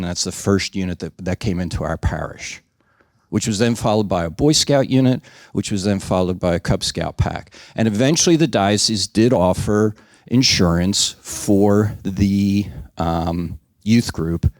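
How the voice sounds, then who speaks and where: A man's voice: on the low side, moderate pace, darkish tone, no echo, studio quality. A man giving a conversational training presentation to a group, frank and self-deprecating, often asking the audience for agreement.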